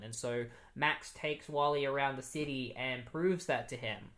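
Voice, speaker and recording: A man giving a casual, rambling comic book recap, full of fillers and restarts, who gets animated when quoting characters. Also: mid-range voice, a little slow, hardly any pauses.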